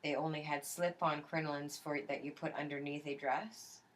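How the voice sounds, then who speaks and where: This young woman, whose voice sits low, speaks at a moderate pace on poor audio with a little hiss or hum. Interviewing her mother in a relaxed family conversation, she tells lively stories, acts out what people said and restarts often.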